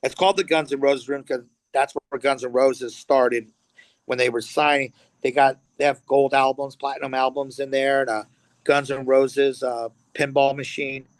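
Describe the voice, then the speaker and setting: A man's voice: mid-range voice, moderate pace, dry recording. A middle-aged man from Los Angeles, a guest musician telling stories in a casual interview, acting out quotes and swearing freely. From Los Angeles, USA. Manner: animated storyteller, acts out quotes, swears freely.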